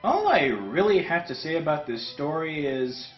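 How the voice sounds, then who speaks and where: A man hosting a comedic fanfic reading, narrating with a wry, animated delivery. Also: fairly high pitch, normal speed. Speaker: host. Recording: roomy, dull sound, faint music.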